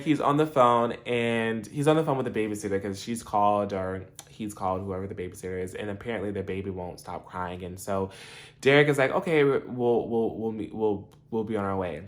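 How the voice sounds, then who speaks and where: Lively young man recapping a TV episode. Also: on the low side, moderate pace. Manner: animated, laughing, acts out characters' lines. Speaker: TV episode reviewer. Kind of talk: casual recap commentary.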